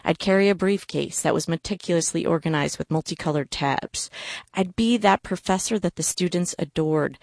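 Woman, low and gravelly, dry close sound; wry first-person storyteller. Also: dry recording. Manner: wry, self-mocking delivery.

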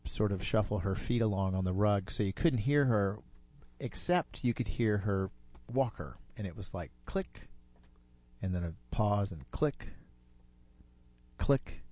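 Low, mellow man telling a story. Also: lively intonation, measured pace. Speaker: storyteller guest. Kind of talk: personal storytelling.

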